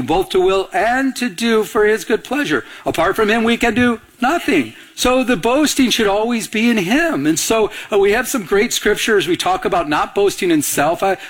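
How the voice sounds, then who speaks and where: Man, pastor, high voice, sermon, church congregation, call-and-response. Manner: animated, asks the congregation to fill in words. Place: church before a live congregation.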